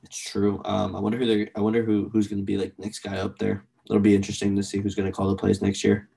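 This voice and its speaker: A young man co-hosting a casual sports podcast, animated and blunt, swearing casually as he argues picks. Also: fairly low pitch, fast talker, gravelly, slightly rough. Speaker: podcast co-host.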